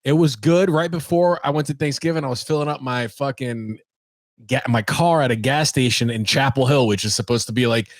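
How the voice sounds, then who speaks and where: A young man co-hosting a podcast, telling a story in casual chat with lots of swearing and animated retelling. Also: mid-range voice, fairly quick, no echo. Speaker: podcast co-host.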